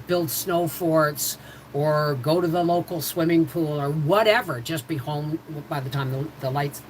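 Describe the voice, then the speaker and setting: Middle-aged woman host, lowish voice, chatty tangents on a home live stream, faint noise behind. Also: a bit bright, low-quality recording. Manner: digressive, jumps between subjects and circles back; chatty, frequent restarts, addresses viewers directly. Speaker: homestead livestream host. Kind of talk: rambling casual livestream storytelling.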